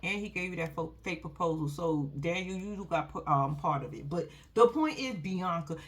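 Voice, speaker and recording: A woman chatting casually as she recaps a show for her viewers. Her pitch swings widely and she sounds animated. She swears freely and throws in frequent asides straight to the audience. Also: moderate pace, hardly any pauses. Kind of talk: casual chat.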